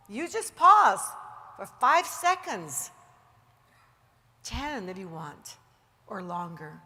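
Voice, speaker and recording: Energetic woman speaker in an echoey hall. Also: a little high. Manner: energetic and emphatic, then slow and soothing when guiding relaxation. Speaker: motivational speaker leading a guided meditation. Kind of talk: live motivational talk to an audience. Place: large hall with an audience.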